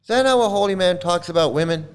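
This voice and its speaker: Male livestream host, slightly high and clear-toned, with indignant, repetitive ranting. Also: lively intonation, fast talker. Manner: indignant, heated, repeats himself. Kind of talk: ranting commentary to a live chat.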